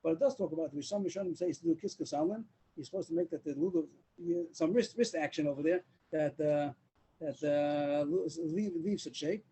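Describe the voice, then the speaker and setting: A man's voice: a little high, fairly quick, mellow, husky, poor audio. A man teaching a daily Talmud class over a video call, explaining step by step and mixing in Hebrew and Aramaic terms.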